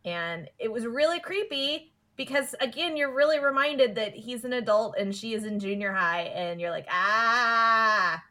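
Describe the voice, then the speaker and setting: A woman's voice: fairly high pitch, animated, normal speed, few pauses, a bit bright. A woman co-hosting a podcast, recapping a cartoon episode in a casual, amused way and often laughing. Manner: chatty and amused, often laughing, acts out quotes. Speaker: podcast co-host.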